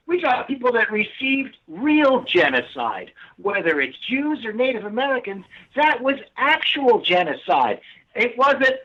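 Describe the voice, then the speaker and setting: A male caller on a talk show, sarcastic and animated. His voice is high and bright with a husky edge. The audio is slightly dull. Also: a little slow. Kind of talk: call-in talk show chat.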